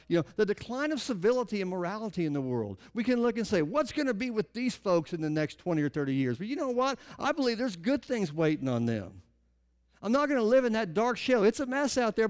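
High-voiced man preaching a sermon. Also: darkish tone. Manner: conversational preaching, asks the congregation questions. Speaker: pastor. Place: church congregation.

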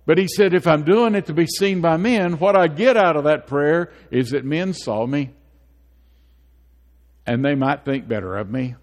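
A man's voice: on the high side, normal speed, in a large hall. A male pastor preaching a sermon to his church, asking the congregation questions and building to emphatic, rising peaks.

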